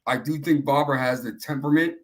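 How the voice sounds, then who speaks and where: A man's voice: mid-range voice, quick pace, low-quality recording. A man, an editor appearing as a guest, chatting in an easygoing, upbeat way. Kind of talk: casual interview chat.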